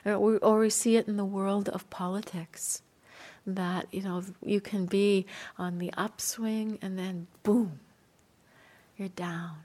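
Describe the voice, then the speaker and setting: A woman meditation teacher gives a dharma talk at a slow, patient pace. Her voice sits at an ordinary middle pitch and stays gentle and soft-spoken. Light laughter eases her points along. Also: steady tone.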